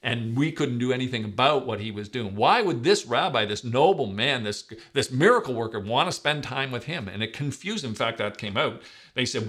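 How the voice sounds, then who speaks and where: A man preaching a sermon as pastor, stressing words loudly and then dropping to soft, low asides. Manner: emphatic, swings between loud stresses and soft, low asides.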